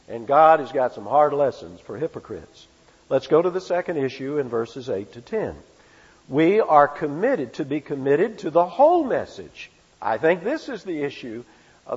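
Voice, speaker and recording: A man's voice: medium pitch, husky. An older man preaching an expository sermon, emphatic and full of rhetorical questions and repeated phrases. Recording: reverberant hall, dull lo-fi sound.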